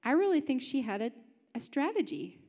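A woman preaching a sermon in a chatty, animated and humorous way, in a large high-ceilinged room. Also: fairly quick. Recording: long hall reverb.

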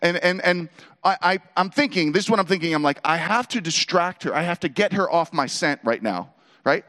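Animated middle-aged man telling a funny story. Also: high-pitched, a little fast. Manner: animated, acts out quoted voices, laughs between lines. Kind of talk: humorous personal story told to a live audience.

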